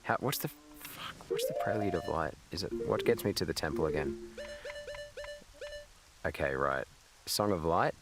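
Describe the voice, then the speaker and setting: This Australian streamer, a man in his thirties, sits low in pitch and sounds animated, speaking at a normal speed but leaving long pauses. He swears casually and answers his chat while playing. Game music runs in the background, and the audio comes through a webcam mic.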